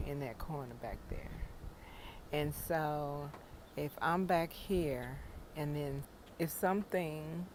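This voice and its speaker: A woman's voice: deep voice, background noise. A middle-aged woman chatting casually about her garden, frank and joking, with salty language, talking outdoors in a home garden. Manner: frank, joking, profane storytelling. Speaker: gardening vlogger. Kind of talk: casual chat.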